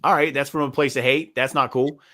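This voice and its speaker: A man's voice: medium pitch, fairly even intonation, fairly quick, bright, forceful tone. A man from West Virginia, a stand-up comedian, talking casually on a podcast in a rambling, profane way with lots of fillers.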